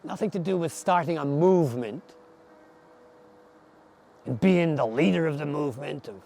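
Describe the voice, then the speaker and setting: A man in his sixties telling his story in an earnest, reflective way, slowing down to stress his words. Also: a little high, animated, gravelly, dark tone, slight background noise. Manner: earnest, slow, emphatic. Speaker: adventurer recounting a long walk.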